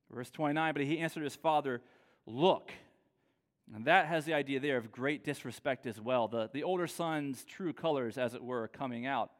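A man preaching a sermon with earnest emphasis, dropping soft and low, then rising with energy. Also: in a large hall. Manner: earnest, shifts between soft low lines and raised emphatic ones. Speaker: pastor.

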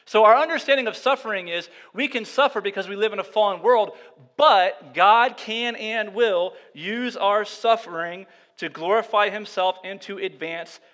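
A male pastor preaching a sermon, moving between quiet, slow reflection and loud, emphatic passages. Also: high-pitched, in a large hall.

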